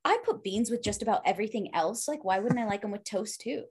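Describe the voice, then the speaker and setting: A woman's voice: medium pitch, lively intonation, fast, husky. A woman co-hosting a casual podcast chat, playful and laughing often. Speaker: podcast co-host.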